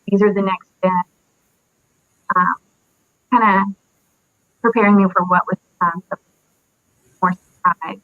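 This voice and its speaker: Young woman in her twenties as an interview guest, halting and full of pauses, mid-pitched, dry phone-like sound. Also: steady tone, dry recording. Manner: halting, many fillers and pauses. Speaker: interview guest, military widow. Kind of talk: emotional personal recollection. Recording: dry tinny phone-like audio.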